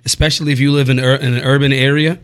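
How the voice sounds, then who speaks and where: A man with a Philadelphia accent, a guest talking casually about teaching gun safety classes, relaxed and rambling with fillers. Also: mid-range voice, racing. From North Philadelphia. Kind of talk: casual interview chat.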